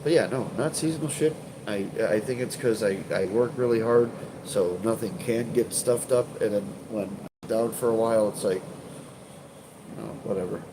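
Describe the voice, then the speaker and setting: A man's voice: lowish voice, normal speed, background noise. A man with a stuffed-up voice chatting casually to viewers on a live stream, rambling and hesitant with many fillers and restarts, swearing offhandedly. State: congested, stuffed up. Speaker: urban exploration channel host.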